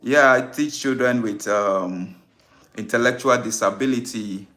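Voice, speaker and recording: A man hosting a spiritual live stream talks at a slow, unhurried pace. He greets his viewers by name and often repeats the same phrase several times. His voice sits at a middle pitch for a man. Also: fairly bright tone. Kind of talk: casual live-stream talk.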